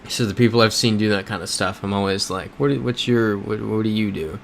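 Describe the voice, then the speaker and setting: A man's voice: fairly low pitch, steady tone, a little fast, gravelly, a little hiss or hum. A man hosting a casual livestream while playing a geography game, talking in a rambling, self-correcting way and answering chat. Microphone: desk microphone.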